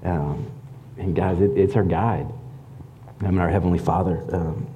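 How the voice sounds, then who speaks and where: A man sharing a personal faith testimony in an earnest, halting way, with many fillers and restarts. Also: low-pitched, steady tone, dark tone, highs cut off, a little hiss or hum.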